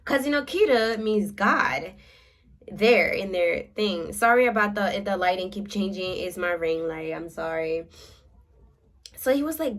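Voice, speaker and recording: A young woman, casually retelling an anime plot in a chatty, animated way with filler words, in a room at home. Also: medium pitch, moderate pace. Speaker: makeup vlogger. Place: home room with a ring light.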